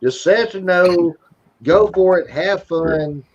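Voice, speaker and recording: A man heckles and repeats himself on a live stream in a high, lively voice. His mic sounds dull and lo-fi. Crowd chatter is clearly heard behind him. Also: takes it slowly.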